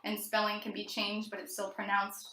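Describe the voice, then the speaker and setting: A woman's voice: medium pitch, monotone, normal speed, pushed and bright, a little hiss or hum. Woman reading a class presentation, echoey. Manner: reads from notes, occasional fillers and restarts. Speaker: student presenter. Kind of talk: read-aloud class presentation.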